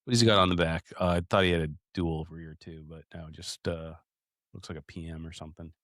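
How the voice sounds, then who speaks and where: Low-pitched and steady, this thirty-something podcast co-host speaks a little fast in a somewhat bright voice, captured dry and studio-quality. His style is casual, profane and rambling, full of stories and constant "dude"s aimed at listeners.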